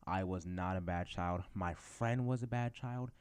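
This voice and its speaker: Low-voiced teenage boy ranting casually. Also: measured pace, darkish tone, clean tone. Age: teens. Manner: rambling storytelling with many fillers. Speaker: podcast host. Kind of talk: casual rant.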